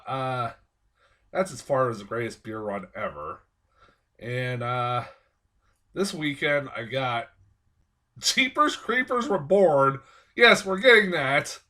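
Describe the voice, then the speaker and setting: A man's voice: medium pitch, very animated, slow pace, pauses often, pushed and bright. A man giving a casual film review, ranting in an angry, profane, exasperated way. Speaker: movie reviewer.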